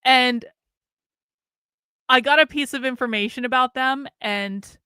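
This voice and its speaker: A woman's voice: high-pitched, a little slow, bright, forceful tone, smooth, dry recording, clean studio sound. A woman streaming a casual, candid monologue, swearing freely and laughing often, with an American accent. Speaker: streamer and commentator.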